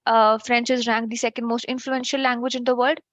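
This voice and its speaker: A woman's voice: fairly high pitch, little pitch movement, fairly quick, no echo, highs cut off. A woman teaching an online French class, chatty and checking in with her students.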